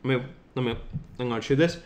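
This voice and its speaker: A man's voice: mid-range voice, fast. A young man co-hosting a superhero show stream, chatting loosely and laughing a lot. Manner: loose, joking, laughs often. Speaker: co-host of a superhero TV review stream. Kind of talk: casual livestream banter.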